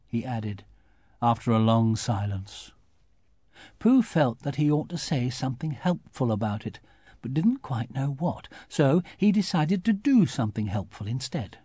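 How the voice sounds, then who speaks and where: A man narrating a children's storybook aloud in an unhurried, gentle read-aloud manner. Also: medium pitch, animated, no echo, studio quality. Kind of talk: storybook reading.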